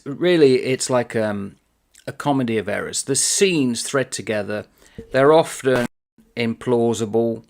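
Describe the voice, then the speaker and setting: A man's voice: medium pitch, creaky. A man chatting casually about a book he is reviewing, reading passages aloud in a conversational manner.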